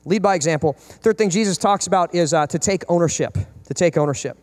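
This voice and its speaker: A man's voice: sits high, quick pace, darkish tone. A man in his thirties preaching a sermon as pastor, emphatic and full of rhetorical questions.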